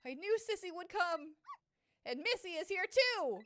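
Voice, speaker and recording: Timid little girl voiced by a woman, high, bright, childlike. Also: sing-song, a little slow, soft background music, exaggerated voice. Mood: happy.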